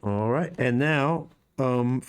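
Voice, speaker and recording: A man running a tabletop game as game master, relaxed and full of fillers. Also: medium pitch, slow pace, smooth. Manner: relaxed, hesitant, lots of fillers.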